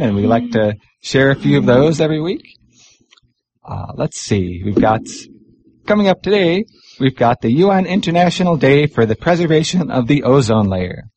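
A man hosting a community radio show in a studio, chatting casually and pausing often with fillers. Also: medium pitch. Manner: relaxed, chatty, pauses with many fillers.

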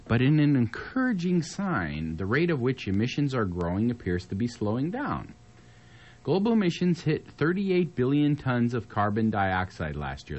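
A man's voice: mid-range voice, darkish tone, highs cut off. A man co-hosting a casual news chat, reading headlines aloud and adding jokey asides. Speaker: co-host.

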